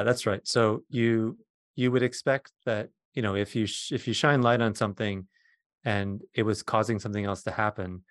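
A man's voice: fairly low pitch, no room sound, clean studio sound. A middle-aged man, a physicist guest, patiently explaining science in plain words during a conversation.

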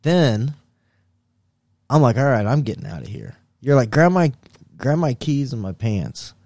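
A podcast co-host casually tells a wild story, swearing a lot, laughing, and acting out what people said in quoted voices. His medium-pitched voice is very animated yet measured in pace, a little mellow, recorded with studio quality and no room sound.

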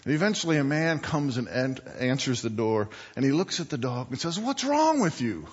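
Guy preaching in a church, tells it like a story, lots of "right?", husky voice, big hall echo. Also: medium pitch, fairly quick. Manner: animated storyteller, rhetorical questions. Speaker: guest preacher. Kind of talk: storytelling sermon. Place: church sanctuary. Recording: dull church recording with long hall reverb.

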